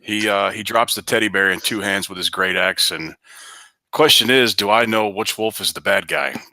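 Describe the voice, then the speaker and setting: A man's voice: on the low side, moderate pace, pushed and bright, no echo, poor audio. A man playing a tabletop game over an online voice call, calling out dice rolls in a matter-of-fact way. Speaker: player. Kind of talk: casual tabletop game chat.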